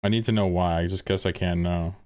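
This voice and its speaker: A low-voiced man streaming and commentating casually, venting in exasperation and swearing as he reacts to posts. His voice comes across dry and close, with no room sound around it. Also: fairly even intonation, a little fast, a little mellow, clean tone, no room sound.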